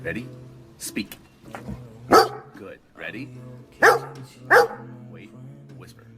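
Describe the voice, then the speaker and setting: A man giving short commands and praise to his dog, coaxing and playful, moving between hushed tones and excited cheering. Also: medium pitch, takes it slowly, loud music behind the voice. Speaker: dog owner training his dog.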